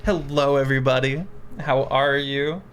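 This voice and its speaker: A man's voice: medium pitch, steady tone, normal speed, a bit bright, slight background noise, natural voice. A man voicing a cheerful, flirty female fairy cleric who loves the sun. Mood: bubbly.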